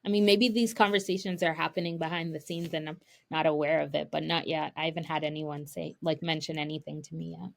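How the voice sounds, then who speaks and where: A woman's voice: low voice, brisk, vocal fry, few pauses. A young woman, a guest tech sourcer, chatting casually on a podcast and acting out the people in her stories. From United States, of Haitian parents. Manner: animated storyteller, acts out quoted dialogue.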